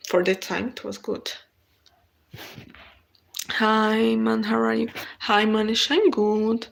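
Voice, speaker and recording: Creaky-voiced Brazilian woman chatting live. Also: a little high, fairly even intonation. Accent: Brazilian Portuguese. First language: Portuguese. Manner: unhurried, halting non-native English with frequent restarts. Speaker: live stream host. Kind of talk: casual live chat, reading viewer comments aloud.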